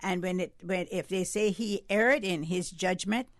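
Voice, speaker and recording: A woman's voice: lowish voice, moderate pace, no echo, studio quality. An older woman, arguing points emphatically as a guest on a call-in radio discussion. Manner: emphatic, argumentative, rising for emphasis.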